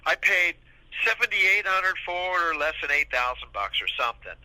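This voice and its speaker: Male, 60s, podcast guest; high-ish bright voice, animated storyteller who acts out the dialogue he quotes. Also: normal speed, dry recording, rough recording. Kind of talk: casual anecdotal storytelling.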